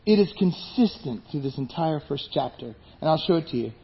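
A pastor with a slightly high, expressive voice preaches briskly and with emphasis, putting rhetorical questions to the congregation. The recording has a dull, lo-fi sound.

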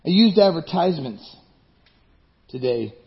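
A man's voice: fairly high pitch, very animated, a little slow, lo-fi sound. A male pastor preaching a conversational sermon, joking and asking the listeners questions.

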